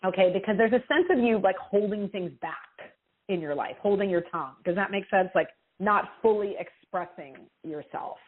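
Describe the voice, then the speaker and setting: A woman giving intuitive readings to callers on a call-in show, expressive and reassuring, with feeling in her voice. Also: mid-range voice, moderate pace, breathy edge. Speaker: intuitive reader answering callers. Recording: tinny phone-line sound.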